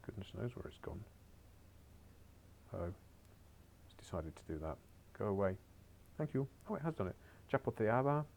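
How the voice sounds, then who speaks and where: A man's voice: on the low side, sing-song, normal speed, creaky, pauses often, darkish tone, a little hiss or hum. A man teaching a beginners' Spanish lesson on a recorded screen share, chatty and encouraging with wry asides.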